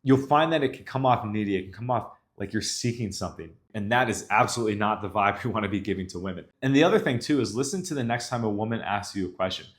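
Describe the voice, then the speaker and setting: A man speaking casually to camera as a dating coach, explaining calmly and directly. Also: lowish voice, fast talker, hardly any pauses. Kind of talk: instructional talk to camera.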